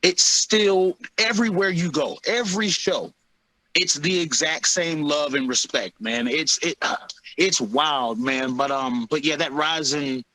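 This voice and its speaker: A man's voice: a little high, a little slow, no echo, rough recording. A man in his thirties, a heavyweight fighter, chatting in an interview and telling stories with lots of laughs and acted-out quotes. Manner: animated storyteller, laughs often, acts out quotes. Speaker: UFC heavyweight fighter, guest. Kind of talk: casual interview chat.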